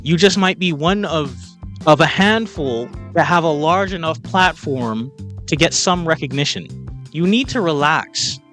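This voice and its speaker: A man with a fairly high voice talks back at video clips in a mocking, exasperated commentary. He keeps telling the person on screen to calm down. Faint music runs underneath. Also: measured pace. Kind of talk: opinion commentary.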